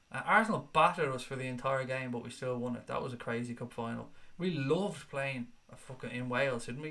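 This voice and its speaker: Sweary football fan livestreamer. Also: male voice, medium pitch, creaky, a bit bright. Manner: casual, sweary, passionate fan banter. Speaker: football fan channel host. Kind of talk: livestream chat, reading viewer comments.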